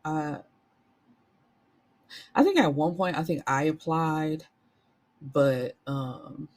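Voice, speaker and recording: A woman in a casual, chatty book recap, colloquial and animated, with some swearing. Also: sits low, slow. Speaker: book reviewer.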